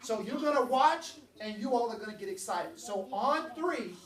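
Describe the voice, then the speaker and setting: A man, a children's author, reading aloud to a classroom of young kids, playful and lively, leading call-and-response. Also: extremely high pitch, moderate pace. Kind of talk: animated classroom read-aloud. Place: classroom, indoors. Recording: echoey classroom heard from far off.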